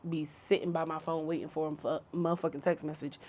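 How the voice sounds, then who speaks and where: A woman co-hosting a podcast in casual chat, hoarse and coughing from a cold, laid-back and profane. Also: sits low, little pitch movement, fast talker, a little mellow. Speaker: podcast co-host.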